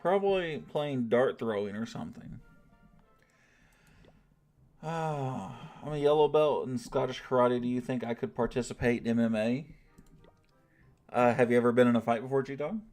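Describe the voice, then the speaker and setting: A man's voice: medium pitch, normal speed, long pauses, darkish tone, soft background music. A man from the United States chatting casually on a livestream, swearing freely, laughing often and teasing his chat. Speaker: streamer reading and answering chat.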